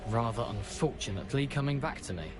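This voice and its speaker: A man's voice: medium pitch, animated, quick pace, noisy background, natural voice. An actor voicing a wry, self-mocking male ghost of a former student in a video game. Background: game music.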